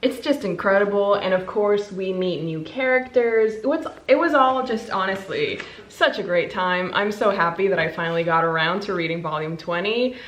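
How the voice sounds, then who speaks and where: Bubbly woman vlogging in an echoey room. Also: medium pitch. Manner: bubbly, gushing, quick bursts of excitement. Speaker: book vlogger. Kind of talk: casual chat to camera.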